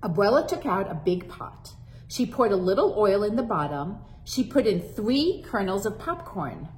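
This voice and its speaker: A woman working as a children's librarian, reading a storybook aloud to kids in a warm, friendly, expressive way. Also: mid-range voice, moderate pace, slight background noise.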